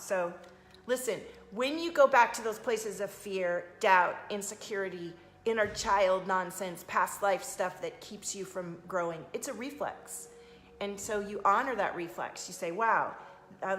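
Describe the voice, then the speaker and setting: A woman coach speaks softly and soothingly to her live-stream viewers, chatting casually and greeting them by name. Her voice carries a roomy echo, as if she is in a bare room. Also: fairly low pitch.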